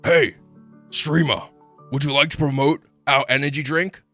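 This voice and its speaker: A man's voice: on the high side, fairly even intonation, moderate pace, pushed and bright, faint music behind. A man putting on the voice of a pushy male energy drink marketer who keeps correcting himself. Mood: pitching. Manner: salesy, hasty self-corrections.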